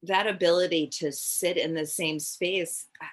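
Low-voiced woman telling a rambling story. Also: steady tone, measured pace. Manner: rambling, self-interrupting, with frequent "like" and "um". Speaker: medium sharing readings. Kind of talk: casual storytelling on a podcast.

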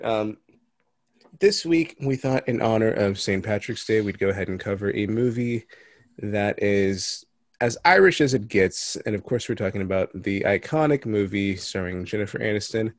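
A man's voice: fairly low pitch, no room sound, clean studio sound. A young adult man hosting a podcast in casual chat, joking and laughing as he recaps a movie. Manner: jokey, laughs often, recaps with restarts. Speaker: podcast host.

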